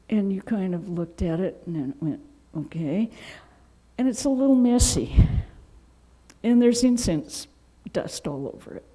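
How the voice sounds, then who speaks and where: Husky, mellow-voiced woman telling stories. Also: mid-range voice, poor audio. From Seattle, United States. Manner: animated, with laughter and acted-out quotes. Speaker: Vedanta nun. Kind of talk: anecdotal storytelling in an interview.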